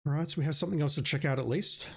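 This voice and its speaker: A man's voice: on the high side, very fast, gravelly, breathy edge. A man playing an old adventure game and commenting with wry, self-mocking asides. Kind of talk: let's play commentary.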